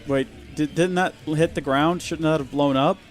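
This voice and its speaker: A man's voice: fairly high pitch, fairly even intonation, normal speed, soft background music. A man hosting a gaming video, giving chatty, wry and sarcastic commentary as he plays. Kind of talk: let's play commentary.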